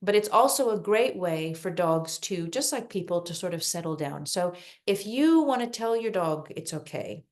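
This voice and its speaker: A woman talking as a dog behavior expert guest on a podcast, calm and explanatory, often repeating words for emphasis. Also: on the low side, moderate pace, hardly any pauses. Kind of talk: podcast interview advice.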